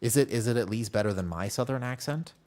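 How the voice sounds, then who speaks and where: A man's voice: medium pitch, fast, a little mellow. A man chatting casually on a live game stream, telling rambling self-deprecating stories and answering chat messages aloud.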